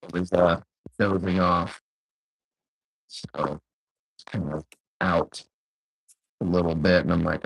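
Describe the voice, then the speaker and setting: A man's voice: sits low, fairly even intonation, slow pace, vocal fry, long pauses, slightly rough, low-quality recording. A man hosting a casual live stream from home on his phone, easygoing and puzzled as he talks through connection trouble. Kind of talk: casual chat.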